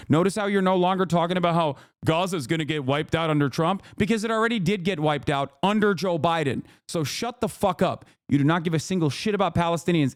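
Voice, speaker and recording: A man's voice: high voice, dry recording, studio quality. A man in his thirties streaming, ranting furiously and profanely at his chat. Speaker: political streamer. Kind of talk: angry rant at chat.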